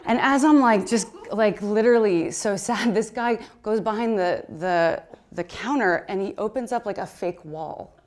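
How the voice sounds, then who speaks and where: A woman in her thirties spins a comic story for a live talk. She is chatty and excitable and peppers every sentence with "like". Her mid-pitched voice often breaks into laughter mid-phrase. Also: moderate pace, few pauses. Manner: excitable and chatty, heavy use of "like"; laughs through her words. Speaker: speaker at a conference talk.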